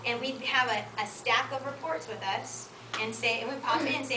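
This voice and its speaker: A woman giving a brisk sales training talk, coaching and agreeing with her co-trainer. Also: on the high side, fairly even intonation. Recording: echoey room, distant mic, noisy.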